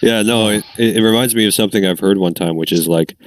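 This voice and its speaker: A man's voice: on the low side, quick pace, no echo. A Canadian man from the Ottawa Valley, rambling in casual chat with lots of fillers. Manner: rambling, filler-heavy talk. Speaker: tabletop game player.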